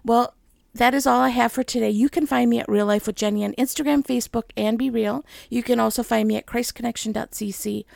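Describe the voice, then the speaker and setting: Female host, middle-aged, gravelly fry, dry close sound, chatty faith talk with easy laughs. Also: fairly high pitch, fairly even intonation, brisk, no room sound. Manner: chatty, gentle, with frequent laughs.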